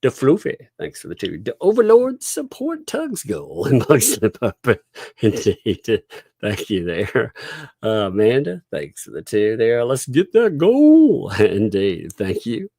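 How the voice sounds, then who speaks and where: A man's voice: on the low side, very animated, a little slow, warm tone, dry recording, clean studio sound. A middle-aged man hosting a casual livestream, chuckling often as he reads out and thanks donors. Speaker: livestream host. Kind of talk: casual livestream chat reading donations.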